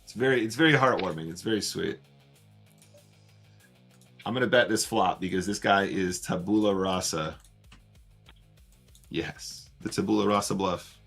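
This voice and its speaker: With faint music behind him, he speaks in a deep, fairly bright voice at a moderate pace, with vocal fry and frequent pauses. He casually narrates his online poker hands on stream, chatting and greeting viewers as he goes.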